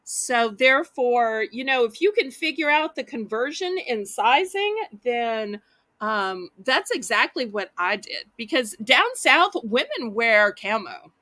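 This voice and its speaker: A woman's voice: on the high side, very animated, unhurried, bright, forceful tone, dry recording. A woman with a Southern US accent hosting a live online auction, chatting in a folksy way and talking straight to her viewers. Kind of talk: live-stream auction selling.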